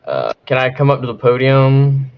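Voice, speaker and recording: A man's voice: mid-range voice, sing-song, normal speed, creaky. Guy pleading his case in a joke trial, lots of ums, kinda muffled mic. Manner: hesitant, many "um" and "uh", tries formal phrasing. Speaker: defendant in a mock trial. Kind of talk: casual mock-courtroom defense. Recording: slightly dull lo-fi mic.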